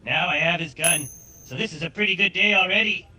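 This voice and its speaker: A man's voice: high voice, brisk, bright, forceful tone, heavily acted, low-quality recording. A synthetic man voicing a cocky Southern outlaw. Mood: swaggering. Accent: American Southern. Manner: boastful, swaggering. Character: cocky male outlaw gunslinger.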